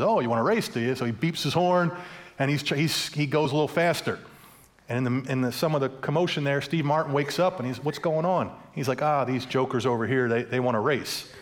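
A man preaching a sermon in a church, telling a story in a relaxed, conversational way with fillers and repeated words. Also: mid-range voice, a little fast. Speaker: pastor.

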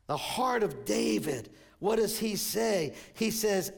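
An older man preaching a sermon as pastor, telling stories and quoting scripture, sometimes rising to shouts. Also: sits high, big pitch swings, slow, gravelly, hardly any pauses.

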